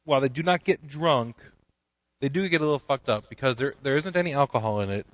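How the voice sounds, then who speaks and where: A man's voice: medium pitch, quick pace, no room sound, muffled recording. Casting: male comedy podcast co-host, rambling, jokey, casual. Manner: rambling, joking, many restarts.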